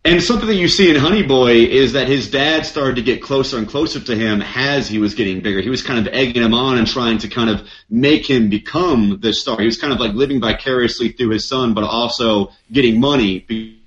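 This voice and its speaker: A man's voice: mid-range voice, fairly quick, hardly any pauses, a bit bright. A man co-hosting a podcast, leading the discussion and explaining the background in a casual way. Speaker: podcast co-host. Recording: slightly dull lo-fi sound.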